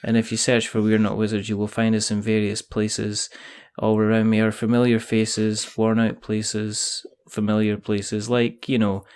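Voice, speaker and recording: A Scottish man hosts a relaxed podcast conversation, and his voice sits a little on the low side. He talks in a rambling, jokey way and pokes fun at himself. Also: moderate pace, hardly any pauses, smooth. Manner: jokey, rambling, self-mocking. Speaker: podcast host. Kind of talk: casual podcast chat.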